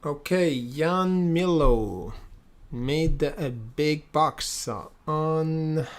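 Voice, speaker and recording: A man's voice: a little high, very slow. A man hosting a live trading stream, thinking aloud with many fillers and repeated phrases, and addressing viewers as guys and brother. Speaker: day-trading livestream host. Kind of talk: live market commentary.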